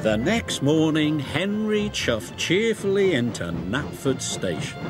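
Slow, very animated storybook narrator, man. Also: a little high. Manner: expressive, deliberate. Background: loud background music.

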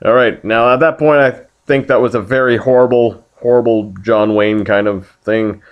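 A man's voice: mid-range voice, steady tone, moderate pace, smooth, highs cut off. A man hosting a casual video game playthrough, joking around and reading the game text aloud. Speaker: let's play host.

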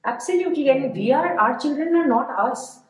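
A woman co-hosting a podcast in casual chat, giving advice to parents in a measured, explanatory way. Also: high voice, animated. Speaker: podcast co-host. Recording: echoey room.

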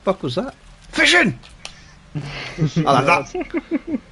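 A man's voice: fairly high pitch, big pitch swings, measured pace, fairly bright tone, slight background noise. A man streaming a co-op game with friends, joking and laughing often in casual banter over a headset mic.

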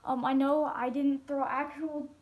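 A woman's voice: high-pitched, little pitch movement, measured pace. A young woman wrapping up a homemade video at home at night, rambling with many ums. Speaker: video creator. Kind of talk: casual outro to camera.

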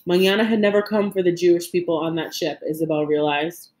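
A woman reading a novel aloud as an audiobook narrator, measured and expressive. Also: on the low side. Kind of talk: scripted narration.

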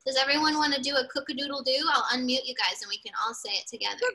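A woman's voice: sits high, fast talker, background noise. A woman teaching a children's cooking class on a video call, reading a storybook aloud and asking the kids questions. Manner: animated, asks kids questions.

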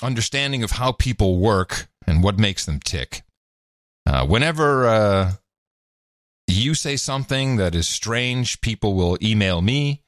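A man's voice: lowish voice, animated, unhurried, a bit bright, faint music behind. A man co-hosting a podcast, chatting and laughing in an upbeat way. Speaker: podcast co-host. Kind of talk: casual podcast chat.

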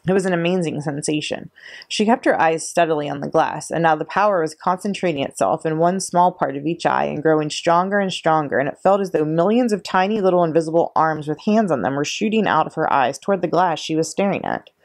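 Low-voiced woman reading a story. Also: fairly quick. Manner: expressive, steady storytelling. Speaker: children's librarian. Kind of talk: storybook read-aloud.

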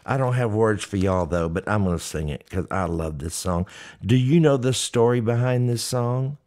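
A middle-aged man with a Texan accent, hoarse, hosting a folksy, joking livestream chat between hymns and reading viewer comments aloud. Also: fairly low pitch, lively intonation, normal speed, darkish tone. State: hoarse, dry mouth. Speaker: gospel singer and livestream host. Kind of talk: casual livestream chat with hymn singing.

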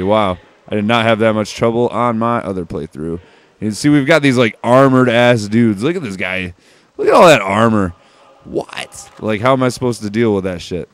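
A man's voice: on the low side, no room sound. A man giving casual, offhand let's-play commentary over a walkthrough, swearing freely and dropping wry jokes. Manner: jokey, wry asides. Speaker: gameplay commentator.

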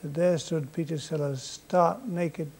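An older man with a fairly high voice tells comic stories on stage, slowly and dryly. He takes his time, letting each line land, and the recording carries a faint hiss. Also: steady tone, darkish tone. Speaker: comedian telling stories. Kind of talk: anecdotal storytelling on stage. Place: stage before a live audience.

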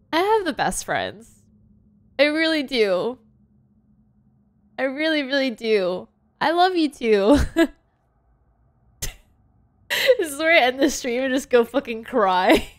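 A woman's voice: high-pitched, big pitch swings, slow, pauses often. A woman streaming a game who is crying and laughing, gushing and breathless with emotion. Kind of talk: livestream commentary.

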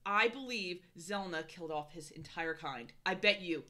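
A woman reading aloud the lines of a stern, scolding young woman from a book, a little louder than her usual voice. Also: lowish voice, moderate pace.

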